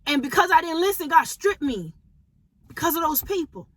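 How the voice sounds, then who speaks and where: A woman's voice: extremely high pitch, big pitch swings, moderate pace, dry recording. A woman preaching informally to camera in a conversational, emphatic way, repeating phrases for emphasis. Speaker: prophetic teacher.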